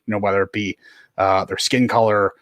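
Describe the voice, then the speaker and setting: Earnest man with a low, dry voice. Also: level tone, brisk, a bit bright, dry recording. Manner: earnest, many fillers. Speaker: podcast host. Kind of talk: casual conversation.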